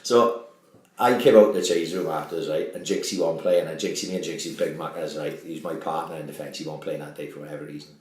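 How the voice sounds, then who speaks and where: A man co-hosting a boozy podcast chat, swearing freely and telling lively anecdotes. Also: very deep voice, quick pace. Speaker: podcast co-host. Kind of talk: boozy casual chat, storytelling. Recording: echoey room.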